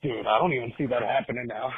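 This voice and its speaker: A man's voice: mid-range voice, fast, slight background noise. A man chatting casually and joking as a call-in guest, rambling with fillers. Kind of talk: casual chat. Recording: tinny phone line.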